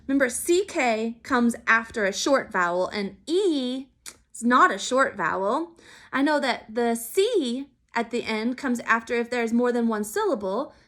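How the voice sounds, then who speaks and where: A woman teaching a phonics lesson to young children, sounding out letters and syllables slowly and clearly. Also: fairly high pitch, lively intonation, fairly bright tone. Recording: recorded for remote learning.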